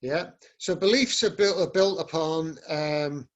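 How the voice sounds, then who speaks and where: Chatty man, somewhat high voice. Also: a little slow, highs cut off. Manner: loose, rambling, conversational with many fillers. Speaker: yoga teacher. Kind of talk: live workshop talk.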